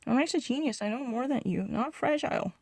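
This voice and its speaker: Young korean-native woman gaming and bragging, super fast, gravelly, kinda defensive. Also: sits high, lively intonation, no room sound. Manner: boastful and defensive, insisting loudly; switches between two languages mid-thought. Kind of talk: casual gaming vlog chat.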